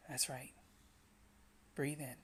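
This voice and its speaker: In a very noisy recording, a woman with a low-pitched voice leads a devotional as a Christian inspirational speaker. She moves slowly and repeats herself, encouraging the listener to breathe and to pray.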